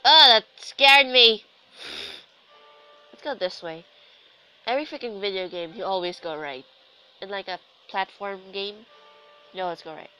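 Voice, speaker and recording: Soft music plays behind this poor-quality clip of a young woman casually commentating a video game. Her medium-pitched, clean-toned voice moves at a normal speed with frequent pauses, though her throat is sore from being sick. She's chatty and self-deprecating, dropping sarcastic asides throughout her let's-play.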